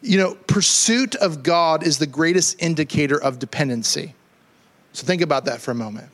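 A man's voice: on the high side, normal speed. A middle-aged man preaching a sermon as pastor, conversational and joking, often repeating words as he builds a point.

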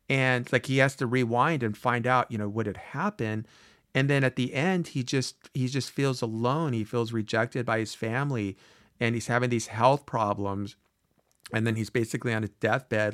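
A man's voice: medium pitch, a bit bright, dry recording, studio quality. A man hosting his own podcast, talking earnestly in a rambling, reflective way with many restarts. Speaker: podcast host. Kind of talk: solo podcast monologue.

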